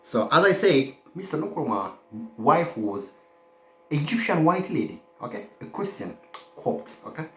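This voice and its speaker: Guy from the horn of africa rambling on, lively up-and-down voice, roomy echoey sound. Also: a little high, unhurried. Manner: rambling, keeps saying "my friend" and "okay?". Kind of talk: casual rambling monologue. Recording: roomy echo.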